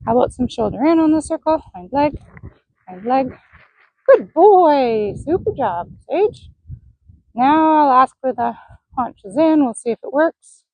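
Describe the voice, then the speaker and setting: A woman horse trainer talking through a training session, praising and coaxing the horse in a soft, encouraging voice. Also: high voice, animated, unhurried, dry recording, highs cut off. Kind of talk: live commentary while training a horse.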